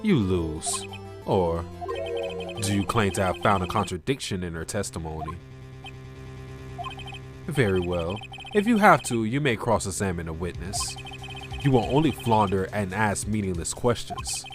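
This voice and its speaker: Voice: sits low, sing-song, measured pace, long pauses, over music, voice pushed down. A streamer putting on Edgeworth, a sneering cold prosecutor. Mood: condescending. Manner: cold, condescending. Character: arrogant cold male prosecutor. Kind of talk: reading game dialogue aloud.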